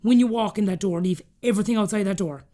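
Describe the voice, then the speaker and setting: Fast-talking Irish woman in her thirties. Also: mid-range voice. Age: 30s. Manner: rapid, animated, acts out quoted dialogue. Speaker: podcast guest. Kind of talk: candid personal storytelling.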